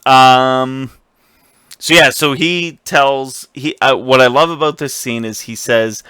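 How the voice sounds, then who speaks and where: A man's voice: medium pitch, slow, sharp tone, clear, resonant tone, no room sound, clean studio sound. A man co-hosting a podcast, recapping a TV episode in a loose, rambling way with frequent swearing and laughter. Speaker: podcast co-host. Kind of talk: casual recap chat.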